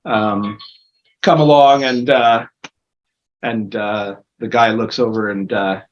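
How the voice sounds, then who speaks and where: A man's voice: lowish voice, steady tone, slow. A man narrating as game master of a tabletop game, rambling with many fillers. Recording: dull lo-fi recording.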